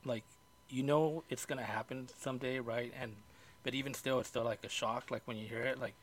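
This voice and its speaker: A man co-hosting a casual podcast, speaking quietly and reflectively with many fillers. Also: medium pitch, steady tone, brisk. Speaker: podcast co-host. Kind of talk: casual chat. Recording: quiet and distant from the mic.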